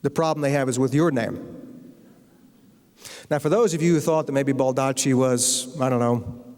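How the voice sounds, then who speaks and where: In a university lecture hall with long reverb, a man from the United States, a novelist giving a guest lecture, recounts a funny anecdote with sharp comic timing. He speaks at normal speed in a medium-pitched, slightly mellow voice.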